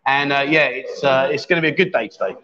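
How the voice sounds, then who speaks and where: A man's voice: mid-range voice, fast talker, a crowd in the background. A middle-aged man hosting a casual live stream, chatty and jokey, reading viewer comments and laughing often. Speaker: livestream host. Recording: dull lo-fi stream audio.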